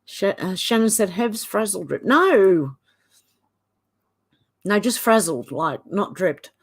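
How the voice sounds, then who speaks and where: An Australian woman hosting a livestream at home, reading viewers' comments aloud in a steady run with quick asides of her own. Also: medium pitch. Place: at home, off camera.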